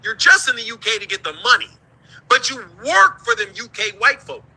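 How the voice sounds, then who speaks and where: An American man delivers heated, profane ranting commentary like a host holding forth on his own show, laughing between points. His voice is high for a man, with a hard, tense, sharp edge, a breathy quality and a brisk, sing-song rhythm. The recording quality is low.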